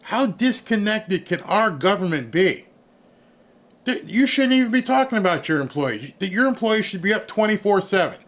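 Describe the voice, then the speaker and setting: A man's voice: high-pitched, very animated, moderate pace, a bit bright. A man, streaming an angry, sarcastic rant in reaction to news clips. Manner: angry, sarcastic, mocks others in put-on voices. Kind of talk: ranting reaction commentary.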